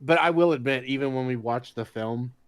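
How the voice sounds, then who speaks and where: A man's voice: medium pitch, a little fast, clear, resonant tone, no echo. A man co-hosting a podcast in casual, laid-back chat, swearing casually. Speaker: podcast co-host.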